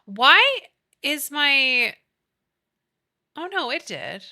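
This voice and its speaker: A woman's voice: mid-range voice, animated, slow pace, bright, forceful tone. A young woman streaming a building game, chatting casually with friends and viewers, giggly and swearing freely. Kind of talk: casual live-stream chat while gaming.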